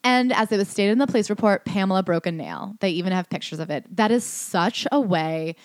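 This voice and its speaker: A woman co-hosts a podcast at a quick clip, reading passages and then picking them apart with incredulous sarcasm. Her voice sits at an ordinary middle pitch. The sound is dry, with no room around it. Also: no room sound. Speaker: podcast co-host. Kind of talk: reading aloud and commenting in casual chat.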